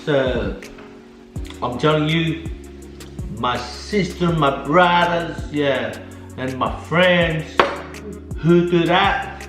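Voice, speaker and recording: A man from Samoa speaks slowly and earnestly in short remarks during a casual chat. His voice is a touch high for a man, and the room echoes, with faint music underneath. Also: a bit bright. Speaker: mukbang co-host.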